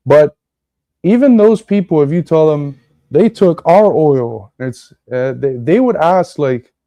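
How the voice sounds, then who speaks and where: A man co-hosting a political podcast, speaking bluntly and swearing casually in relaxed chat. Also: on the high side, takes it slowly, dry recording. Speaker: podcast co-host.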